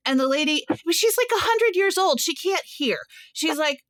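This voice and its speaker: A woman co-hosting a podcast, telling animated stories in casual chat and laughing often. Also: extremely high pitch, normal speed, few pauses, no echo. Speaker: podcast co-host. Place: Nashville.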